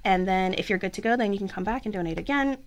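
A woman's voice: mid-range voice, a little fast. A woman talking about her blood services work in a chatty, enthusiastic way, with lots of fillers. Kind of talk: casual interview talk.

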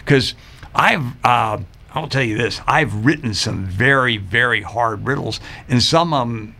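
An older retired man, a guest on a radio talk show, telling stories in an animated way and acting out quoted voices. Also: medium pitch, measured pace, creaky. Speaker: radio guest, riddle writer. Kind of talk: casual radio interview chat.

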